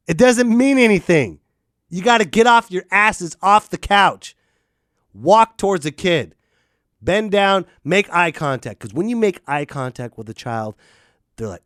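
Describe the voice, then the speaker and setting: A man's voice: high-pitched, lively intonation, a little slow, a bit bright, no room sound, studio quality. A man ranting crudely and animatedly about parenting, now and then mocking others in put-on voices. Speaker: podcast host. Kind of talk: ranting monologue.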